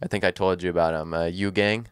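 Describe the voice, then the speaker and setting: A man's voice: low voice, fairly even intonation, fast talker, smooth, no room sound, studio quality. A man co-hosting a casual podcast chat, thinking aloud in rambling sentences full of fillers. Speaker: podcast co-host.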